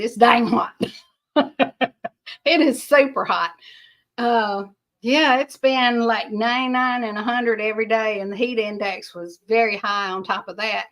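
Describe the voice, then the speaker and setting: A woman's voice: on the high side, steady tone, a little slow, a bit bright. An older woman, hosting a rambling livestream, chatting casually and answering viewer comments in a folksy way. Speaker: livestream host.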